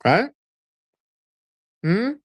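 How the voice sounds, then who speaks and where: A man's voice: extremely slow, dry recording, studio quality. A male host of a call-in show who argues with a caller in a mocking tone, keeps calling him "sir", and then lectures at length. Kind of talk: live call-in show commentary.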